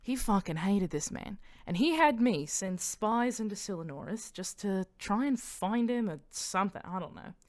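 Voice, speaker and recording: A woman's voice: mid-range voice, expressive, normal speed, few pauses, close to an everyday voice. A woman voicing a brash, foul-mouthed woman pirate captain with a put-on Australian accent, crude and offhand. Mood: grumbling.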